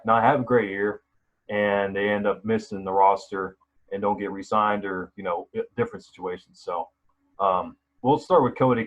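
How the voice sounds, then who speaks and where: A man's voice: lowish voice, highs cut off. A man hosting a sports podcast, talking casually and rambling with many fillers and restarts. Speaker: podcast host.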